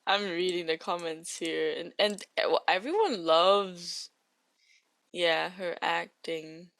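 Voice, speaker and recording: A young woman co-hosting a podcast, chatting casually with blunt, quick interjections. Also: on the low side, fairly bright tone. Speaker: podcast co-host. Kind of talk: casual reaction chat.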